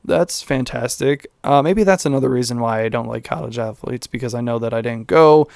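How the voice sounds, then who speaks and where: A man's voice: medium pitch, fairly quick, gravelly, darkish tone, no room sound, clean studio sound. A young man hosting a casual solo podcast, rambling and cursing, with lots of fillers and self-mocking asides. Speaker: podcast host.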